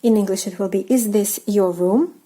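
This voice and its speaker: A woman with a Russian accent teaching a language lesson, speaking slowly and carefully with many ums and uhs and repeating each example phrase. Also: mid-range voice, mellow, poor audio. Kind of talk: lesson explaining grammar while writing.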